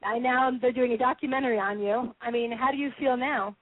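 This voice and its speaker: A woman's voice: a little high, fairly quick, no room sound. Chatty female radio host, phone-thin. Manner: chatty and animated, laughs often. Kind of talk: phone interview. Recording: tinny phone line.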